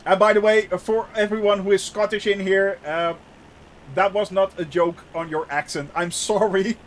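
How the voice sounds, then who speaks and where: A young man giving casual live commentary on a flight sim, chatty, laughing often and filling pauses with "uh". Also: high voice, steady tone. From Netherlands.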